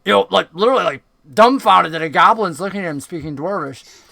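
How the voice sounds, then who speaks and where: A man's voice: high voice, expressive, a little fast, creaky, sharp tone, no echo, clean studio sound. A man narrating as dungeon master in a tabletop game, describing scenes in a casual way with many fillers.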